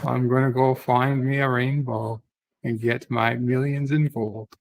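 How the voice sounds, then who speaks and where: A man's voice: medium pitch, flat delivery, a little slow, gravelly, poor audio. A man putting on a jolly Irish gold-hunter. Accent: put-on Irish.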